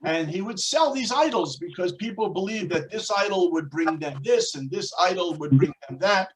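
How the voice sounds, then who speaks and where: Slow, deliberate male teacher. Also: high-pitched, poor audio. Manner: deliberate, explanatory. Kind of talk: storytelling religious lesson.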